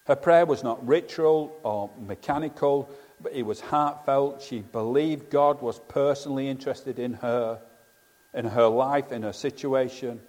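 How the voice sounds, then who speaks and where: A man's voice: medium pitch, unhurried, darkish tone. A man preaching a sermon in an earnest, conversational way, often asking rhetorical questions. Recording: long hall reverb.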